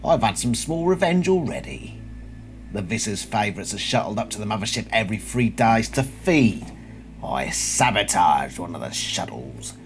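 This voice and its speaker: A man's voice: lowish voice, big pitch swings, moderate pace, soft background music, voice pushed down. A man doing a seething Cockney alien slug. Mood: vengeful. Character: bitter vengeful male alien slug in a human host. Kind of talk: dramatic reading of a book passage.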